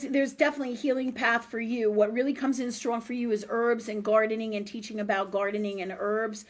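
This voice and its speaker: A woman hosting a live-stream show and giving psychic readings, talking in a loose, chatty way with fillers and tag questions and the odd curse word. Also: mid-range voice. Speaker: host and psychic reader.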